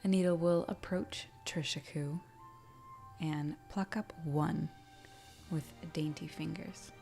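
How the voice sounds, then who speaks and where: A woman's voice: low-pitched, fairly even intonation, slow, creaky, darkish tone, soft background music. A woman playing a tabletop game, playfully describing her character's actions. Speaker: player.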